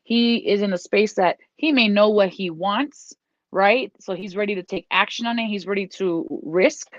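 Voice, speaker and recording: A woman's voice: mid-range voice, moderate pace, dry recording. A woman giving a casual tarot reading. She is encouraging and repeats herself, and now and then she breaks off to scold her dog. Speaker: tarot reader. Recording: dull lo-fi dry recording.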